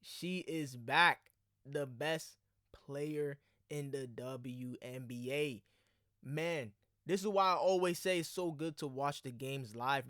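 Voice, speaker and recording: Man, casual sports reaction, slangy and excitable, slightly high voice, dry close sound. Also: dry recording. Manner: excited, slangy, addresses viewers as y'all and bruh. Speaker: basketball commentator.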